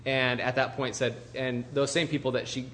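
A man's voice: medium pitch, level tone, normal speed, fairly bright tone, a little hiss or hum. Casual storytelling male preacher. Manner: informal storytelling with asides and restarts. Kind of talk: conversational Bible teaching.

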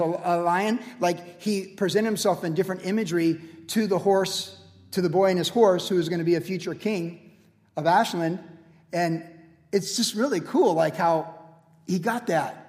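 A pastor delivering an emphatic, animated sermon, driving his points home with repetition. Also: high voice, moderate pace, big-room sound.

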